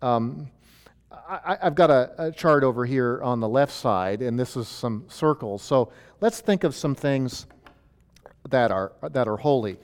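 A pastor teaches from a chart in a loose, chatty way, restarting his sentences and filling pauses. His pitch swings up and down with animation. His voice carries a long reverb from a church hall. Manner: lively, conversational, many fillers and restarts.

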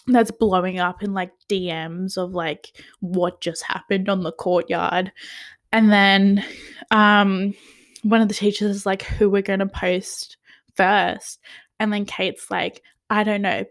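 Young woman ranting about a tv episode, lots of "like" and swearing, whispers when she cant believe it. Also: mid-range voice. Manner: swears a lot, heavy use of "like", drops to whispers in disbelief. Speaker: TV recap vlogger. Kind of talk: casual reaction rant.

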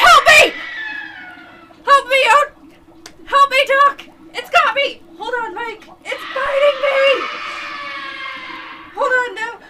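A woman's voice: very high-pitched, background noise, voice pushed up. A woman voicing a terrified young man who screams and cries out in pain while being devoured, in a comic read aloud among friends.

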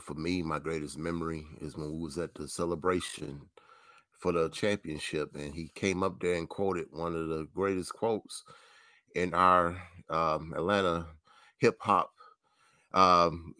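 Co-host, deep man, emphatic, dry close sound. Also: sharp tone, dry recording. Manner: earnest and emphatic. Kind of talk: casual sports talk.

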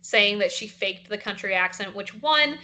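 A woman's voice: mid-range voice, animated, moderate pace, sharp tone. A young woman from South Carolina with a light Southern accent, chatting casually as a podcast co-host and using many fillers. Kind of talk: casual chat.

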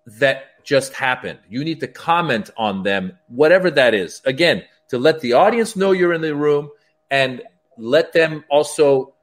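A stand-up comedian telling stories as a guest, acting out the dialogue in raised voices. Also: male voice, mid-range voice. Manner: animated, acts out quoted dialogue in raised voices. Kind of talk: storytelling as a podcast guest.

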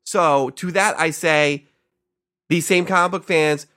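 A man's voice: fairly high pitch, fairly even intonation, takes it slowly, pushed and bright. A man co-hosting a podcast, debating bluntly and emphatically. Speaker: podcast co-host. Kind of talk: casual podcast banter.

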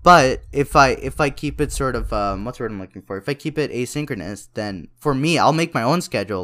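A man's voice: mid-range voice, lively intonation, brisk, few pauses, fairly bright tone. A young man chatting casually about student life, swearing often and leaning on fillers like "you know" and "like.". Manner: loose and profane, lots of fillers. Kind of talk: casual chat.

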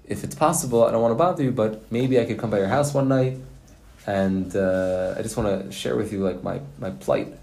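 A man voicing a poor, earnest young man in a told story, speaking hesitantly and apologetically with many fillers, a little lower and softer than his usual voice. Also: fairly quick, natural voice. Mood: pleading.

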